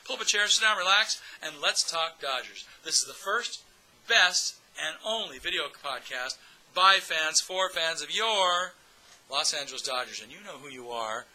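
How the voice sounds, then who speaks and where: A man's voice: a little high, expressive, moderate pace, sharp tone, poor audio. A man hosting a casual fan podcast, chatty and upbeat, speaking straight to his audience. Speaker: podcast host.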